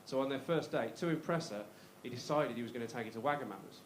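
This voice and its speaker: Fast-talking Black Country comedian. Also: male voice, medium pitch, a little hiss or hum. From Black Country, West Midlands, England. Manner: chatty and self-mocking, bantering with the crowd. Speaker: stand-up comedian. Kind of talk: live stand-up routine. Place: comedy club stage. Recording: roomy live club sound.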